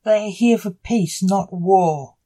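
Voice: medium pitch, slow pace, mellow, low-quality recording. A reader doing a stern old necromancer. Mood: threatening.

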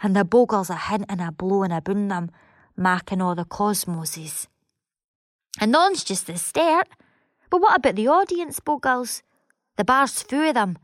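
A middle-aged woman with a Scottish accent performs a dramatic monologue. Her theatrical delivery swings between loud declarations and hushed asides, taken at an unhurried pace. The sound is dry and close, with no room echo. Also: mid-range voice, expressive.

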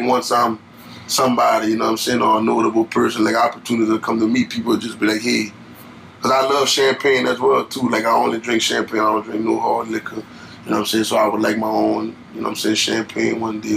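A man's voice: on the low side, gravelly, fairly bright tone, slight background noise, low-quality recording. A young man from Louisiana with a Louisiana accent, a guest chatting casually in a laid-back, rambling way full of fillers. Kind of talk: casual interview chat.

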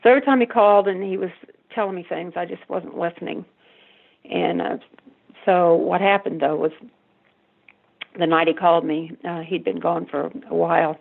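An older woman, a mother, recalling in halting, stuttering speech how she learned her son was involved in a crime. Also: on the low side, steady tone, vocal fry, breathy edge. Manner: halting, stuttering, many restarts. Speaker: mother of the convicted man, interviewee. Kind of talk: emotional personal recollection. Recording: tinny phone line.

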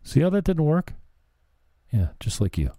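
A man's voice: fairly high pitch, huge pitch swings, normal speed, warm tone, no room sound, studio quality. A man hosting a sarcastic commentary show, mocking the clips he plays. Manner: sarcastic, jeering. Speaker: commentary host.

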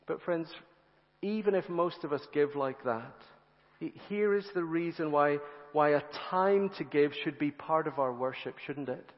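A man's voice: a little high, moderate pace. Earnest man preaching in a reverberant hall. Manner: earnest, repeats phrases, asks rhetorical questions. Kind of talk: sermon. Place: church sanctuary. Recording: reverberant church hall, slightly dull sound.

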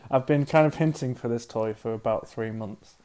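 Deadpan man, podcast co-host. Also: mid-range voice, normal speed. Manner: dry, deadpan understatement. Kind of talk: casual chat.

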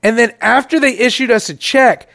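A man's voice: very high-pitched, brisk, creaky, a bit bright. A man co-hosting a podcast, telling exasperated stories with swearing in casual chat. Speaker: podcast co-host.

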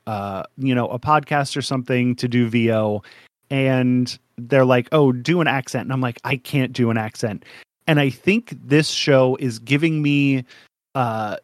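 A man co-hosting a podcast in an easygoing, rambling way. He laughs often and fills pauses with ums and likes. He talks slowly, and the sound is close and dry. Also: mid-range voice, no room sound. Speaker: podcast co-host. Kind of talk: casual podcast chat.

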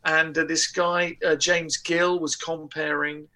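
A man telling a comic anecdote in a lively, casual way, with restarts and laughter. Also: fairly high pitch, takes it slowly. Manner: animated storytelling with laughter and restarts. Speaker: guest comedian. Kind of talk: casual anecdote on a talk show.

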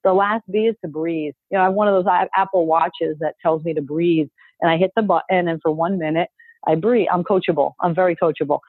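A woman's voice: fairly low pitch, steady tone, fairly quick, slightly rough, dry recording. A woman coach giving an upbeat, emphatic motivational talk, coaxing listeners to repeat phrases after her, heard over a call. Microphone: call audio. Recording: dry tinny phone-like call audio.

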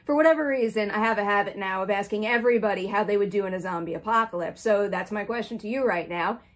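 A woman's voice: mid-range voice, quick pace. A woman hosting a casual interview show, upbeat and playful as she reads out game questions. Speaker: host.

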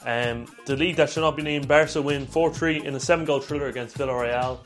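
A man's voice: mid-range voice, fairly even intonation, faint music behind. Man bantering through football results. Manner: banter, quick rundown of results. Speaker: podcast co-host. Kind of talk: casual football chat.

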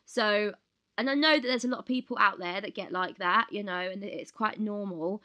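A woman in her thirties co-hosting a podcast, hoarse from the flu and talking candidly in casual chat. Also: medium pitch, normal speed. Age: 30s. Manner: candid, expressive, retells with acted quotes. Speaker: podcast co-host.

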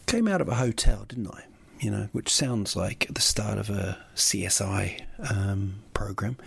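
A man's voice: fairly low pitch, gravelly, husky. A man, a comedian, telling a rambling, sweary comic story that keeps getting more worked up.

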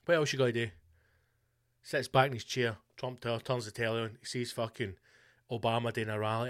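Scottish comedian host, mid-pitched, loud, profane, restless delivery. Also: male voice, brisk. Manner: sweary, animated, ranting. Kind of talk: comedic rant.

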